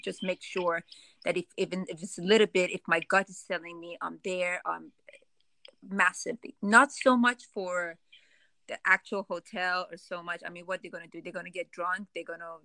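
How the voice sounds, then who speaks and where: Woman, former spa manager, somewhat low voice, bright edge, casual and halting. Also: no echo, poor audio. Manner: relaxed, halting, restarts sentences. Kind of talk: casual conversation.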